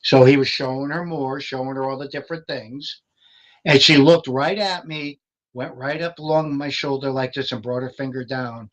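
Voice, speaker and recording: An older man telling stories on a podcast in a lively way, laughing often and acting out what others said. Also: medium pitch, moderate pace, low-quality recording. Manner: animated, laughs often, acts out quotes. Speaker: paranormal investigator guest. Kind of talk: casual storytelling.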